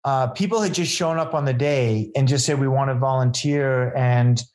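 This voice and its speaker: A man's voice: medium pitch, moderate pace, a little mellow. A man telling stories about his event in a conversational interview, earnest and rambling, with many fillers and restarts. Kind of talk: casual storytelling in an interview.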